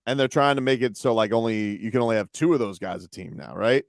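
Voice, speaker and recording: A man's voice: fairly low pitch, fast talker, gravelly, no room sound. A man co-hosting a sports radio show, chatting casually in a dry, teasing way. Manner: dry, teasing, slips into mock voices. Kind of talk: casual sports talk banter.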